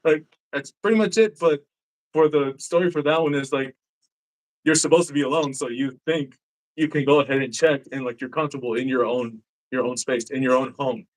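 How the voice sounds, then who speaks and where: A man hosting a podcast in casual chat, who laughs often, swears freely and acts out his cats' reactions in quick quoted voices. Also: medium pitch, steady tone, poor audio. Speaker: podcast host.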